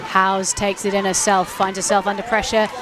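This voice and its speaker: A woman giving quick live play-by-play commentary on a match, rising to shouts at the big moments. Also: mid-range voice, flat delivery. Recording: loud crowd and outdoor noise behind.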